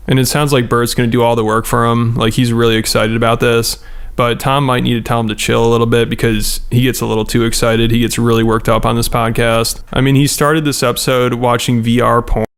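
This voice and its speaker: A man narrating a scripted commentary video in a wry, even way. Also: medium pitch, gravelly, smooth. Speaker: commentary channel host.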